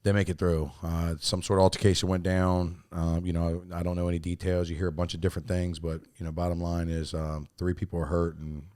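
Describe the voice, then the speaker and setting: Man, podcast host, low voice, casual chat, swearing, restarts, sudden loud bursts. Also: a little fast, hardly any pauses, clean tone, dry recording, studio quality. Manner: loose and swearing, restarts a lot, bursts up loud when excited.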